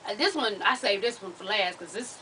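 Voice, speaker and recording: A woman's voice: medium pitch, brisk, bright, forceful tone, slightly rough, distant mic, low-quality recording. A woman hosting a casual advice vlog, ranting brashly with profanity and calling viewers "baby.". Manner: addresses viewers as "baby" and "y'all". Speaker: advice show host.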